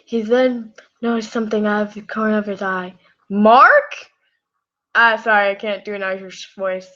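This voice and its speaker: This woman speaks briskly in a mid-range, level, slightly bright voice while reading fan fiction on a live stream. She sounds tired and scratchy-throated, rambling, giggling, and apologizing as she goes, all captured in muffled lo-fi sound.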